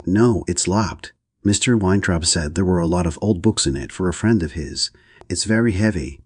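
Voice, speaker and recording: A man's voice: sits low, moderate pace, darkish tone, husky, no echo, clean studio sound. A man voicing a cheerful, carefree young woman who answers blithely. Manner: blithe, chirpy.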